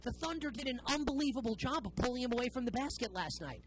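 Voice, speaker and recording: A woman's voice: fairly high pitch, expressive, quick pace, noisy background. A woman hosting a sports talk show, delivering an opinionated, sarcastic monologue with emphatic stresses.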